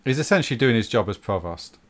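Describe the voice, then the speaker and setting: A man narrating as game master of a tabletop role-playing game over an online call, brisk and quick to laugh. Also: medium pitch, lively intonation. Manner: brisk, laughs along with players.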